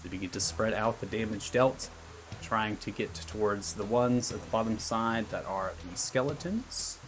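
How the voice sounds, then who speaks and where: Man narrating as game master. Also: lowish voice. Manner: measured narration with frequent fillers. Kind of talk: narrating a tabletop battle.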